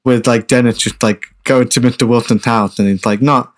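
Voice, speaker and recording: A man's voice: mid-range voice, fairly even intonation, fairly quick. Sweary man, joking around. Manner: sweary, jokey, laughing. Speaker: podcast co-host. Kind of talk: casual film podcast chat.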